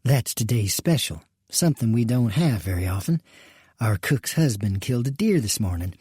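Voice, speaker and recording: Courteous businesswoman of the saloon, read by a man; low-key, mellow, gentle. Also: lively intonation, moderate pace, slightly rough, no echo, clean studio sound. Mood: gracious. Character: gracious woman saloon partner.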